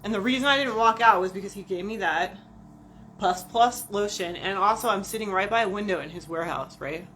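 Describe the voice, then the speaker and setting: A woman's voice: mid-range voice, fairly quick, a bit bright, a little hiss or hum. A woman vlogger chatting casually and profanely on a livestream, rambling and talking to viewers like friends.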